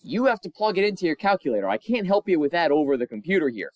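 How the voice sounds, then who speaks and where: A man's voice: a little high, fast talker, no room sound. A male physics teacher talking through homework solutions in a chatty, encouraging way, recorded at his computer. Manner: lively, chatty and encouraging, with asides.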